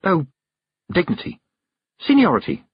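A man's voice: sits high, very animated, unhurried, husky, no room sound, lo-fi sound, voice pushed up, full character voice. A man doing an eager, earnest young girl witch.

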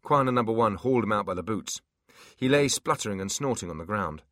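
A man narrating a fantasy audiobook in an expressive storytelling manner. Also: lowish voice, a little fast, dry recording, studio quality.

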